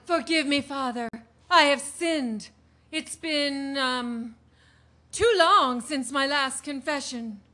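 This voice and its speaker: An actress playing a melodramatic soap-opera heroine who makes a slow, tearful confession. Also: female voice, sits high, bright, forceful tone, heavily acted. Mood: confessing. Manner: theatrical, slow, sobbing confession. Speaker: soap-opera character heard on a TV.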